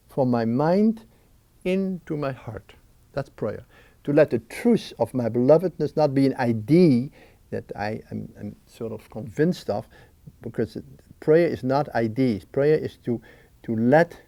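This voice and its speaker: A man's voice: mid-range voice, creaky, warm tone, no echo. A man being interviewed, talking in a reflective way with a restless, nervous energy and many restarts. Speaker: interview guest. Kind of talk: reflective interview talk on prayer.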